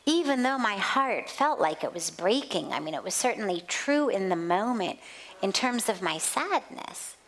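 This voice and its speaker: A woman spiritual teacher giving a talk at a satsang, telling a story in a slow, measured way. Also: mid-range voice, very animated, a bit bright, poor audio. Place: outdoor garden.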